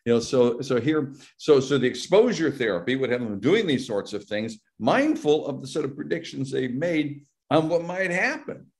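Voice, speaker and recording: A man's voice: medium pitch, animated, moderate pace, creaky, few pauses. A man who is a psychology professor, giving an explanatory academic talk over a video call, with frequent restarts and repeated words. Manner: explanatory, acts out patients' worried voices, many restarts.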